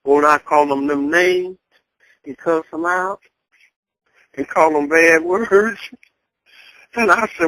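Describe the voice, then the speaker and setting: A woman's voice: low-pitched, slow pace, pauses often, fairly bright tone, no room sound, rough recording. An older grandmother telling her story in a blunt, candid way and chuckling as she talks. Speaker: interviewee. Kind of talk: casual storytelling.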